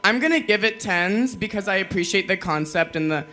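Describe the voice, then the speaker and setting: Drag queen guest, man, bright higher voice, chatty and profane, quick to laugh. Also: animated. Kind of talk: casual chat.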